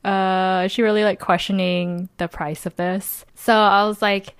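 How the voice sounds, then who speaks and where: A woman's voice: medium pitch, level tone, measured pace, clear, resonant tone, no echo, studio quality. A young woman co-hosting a podcast, telling a rambling story in casual chat, full of "like"s and laughter. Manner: chatty, rambling, many "like"s, laughs often. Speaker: podcast co-host.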